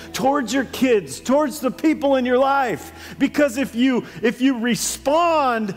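A pastor preaching a sermon, telling a personal story in a chatty way and laughing often. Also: male voice, high-pitched, long reverb tail. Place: church hall.

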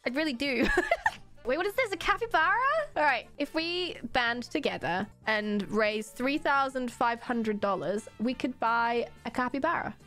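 A young woman streamer doing casual reaction commentary, excitable, laughing often and swearing freely. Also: high-pitched, measured pace, faint music behind.

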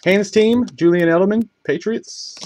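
A man's voice: high-pitched, noisy background. Man rattling off trading card pulls. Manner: rapid list-reading, stumbles over names; bursts of excitement on big pulls. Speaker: card break host. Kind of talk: live card break play-by-play.

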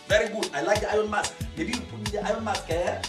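A woman's voice: mid-range voice, fast talker, close to an everyday voice. A woman playing a wheeling-dealing club owner who talks in broken English and keeps tagging "eh?" onto her lines. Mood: excited. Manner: broken English, repeats "eh?" and "no problem". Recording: roomy, distant, loud music underneath.

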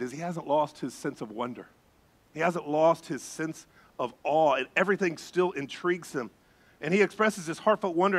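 A middle-aged man, a pastor, preaching a sermon with animated storytelling. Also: on the high side. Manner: animated storytelling, acts out voices.

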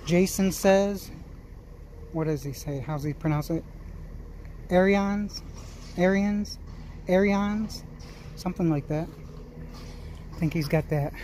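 This small-engine flipping channel host offers relaxed commentary and idle thoughts as he makes his way through an outdoor equipment auction yard. He speaks in a fairly high-pitched, somewhat mellow voice over slight background noise.

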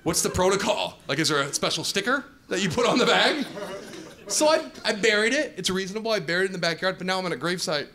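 Animated forty-something stand-up comic. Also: male voice, high-pitched, fast. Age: 40s. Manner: animated storytelling, acting out dialogue. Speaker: stand-up comedian. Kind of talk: stand-up comedy set. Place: comedy club stage with live audience. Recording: live club audio with crowd laughing. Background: audience laughter.

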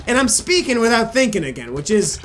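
A man's voice: extremely high pitch, sing-song, a little fast, a bit bright. A young man hosting a gaming channel, rambling and joking with plenty of swearing as he comments on his play. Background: faint game music.

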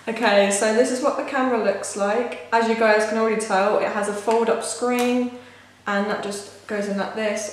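A young woman vlogging casually as she unboxes something, excitable and gushing, with lots of "like" fillers. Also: fairly high pitch, moderate pace. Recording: very echoey room, faint hiss.

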